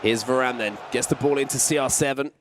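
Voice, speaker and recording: A man giving play-by-play commentary on an esports football match, excitable when chances come. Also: mid-range voice, fast, noisy background. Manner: excitable, rising on big chances.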